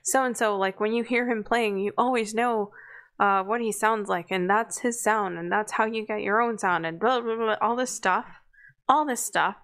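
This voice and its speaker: A woman's voice: medium pitch, moderate pace, fairly bright tone. A woman hosting a casual livestream chat, rambling and apologetic, laughing often and swearing casually. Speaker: streamer and podcast host.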